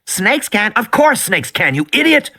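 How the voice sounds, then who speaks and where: A man voicing a bossy young boy who shouts scornfully at his sister in an audiobook. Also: high voice, sing-song, unhurried, husky, voice pushed up, full character voice. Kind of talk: audiobook character voice.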